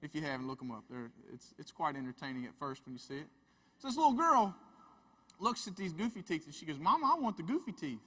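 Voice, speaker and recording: Guy doing a funny live talk, kinda high voice, chatty storyteller, echoey big hall. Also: animated, quick pace, a bit bright. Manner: folksy storyteller, chatty asides. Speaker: family therapist and speaker. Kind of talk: humorous live talk to an audience. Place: large hall with a live audience. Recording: reverberant hall.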